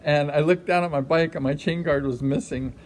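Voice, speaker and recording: With a fairly high, steady voice at a fairly quick pace, a middle-aged former speedway racer rambles through a casual story full of repeated fillers. Loud music runs beneath the recording.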